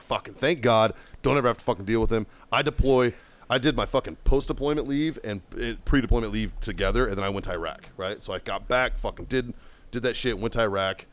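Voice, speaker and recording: Man, podcast host, profane storytelling, middle-aged, shouts the quotes. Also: mid-range voice. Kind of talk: casual storytelling chat.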